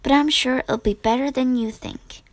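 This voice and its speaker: Woman doing quiet, shy sister Beth. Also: high voice, steady tone, normal speed, dry recording, lightly acted. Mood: soft. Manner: soft-spoken, quiet.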